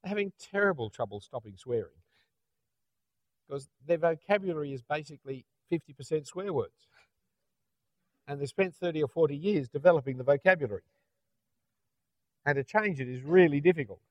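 A middle-aged Australian man preaches conversationally, often closing his points with rhetorical tag questions. His voice is on the high side, expressive and a little fast with long pauses, and the dull, dry, lo-fi recording has no room sound.

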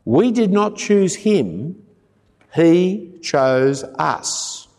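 A man's voice: fairly high pitch, sing-song, very slow, creaky, a little mellow. A man preaching a sermon, emphatic and prone to joking asides. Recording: long reverb of a large hall.

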